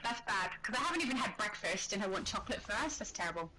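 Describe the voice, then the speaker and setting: A woman's voice: mid-range voice, animated, fast, crowd noise, poor audio. A woman co-hosting a casual gaming livestream, chatty and laughing often as she reads chat aloud. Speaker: livestream co-host. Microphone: home streaming microphone.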